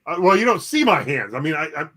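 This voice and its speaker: A man chatting as a guest on a livestream, halting and repeating words, with dry humor. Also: a little high, sing-song, fairly bright tone. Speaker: guest reseller. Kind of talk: casual livestream chat.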